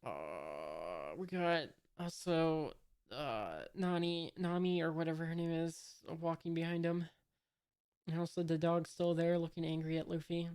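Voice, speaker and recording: A woman reading a comic aloud in a casual way. She pauses often on filler sounds, reads out the sound effects and describes each panel. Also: sits low, darkish tone, smooth. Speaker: reader of a comic. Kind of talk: casual comic read-along.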